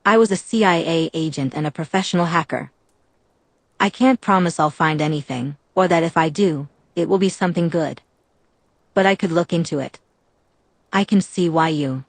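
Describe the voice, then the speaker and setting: Wry, easygoing vampire ex-agent in an audiobook, read by a woman, low and dry. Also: moderate pace, no echo. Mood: matter-of-fact.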